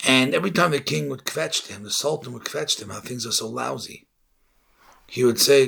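Gravelly impassioned rabbi preaching. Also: male voice, mid-range voice, a little fast. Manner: impassioned, rising to shouts on key points. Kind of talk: sermon with storytelling.

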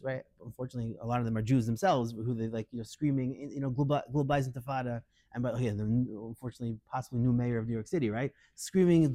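A middle-aged man teaching a lively Torah class, acting out quoted voices and mixing Hebrew into English. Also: mid-range voice, no room sound.

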